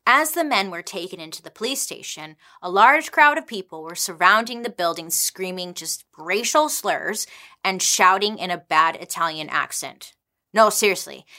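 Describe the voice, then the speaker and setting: A young woman casually telling a dark history story, chatty with sarcastic asides. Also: medium pitch.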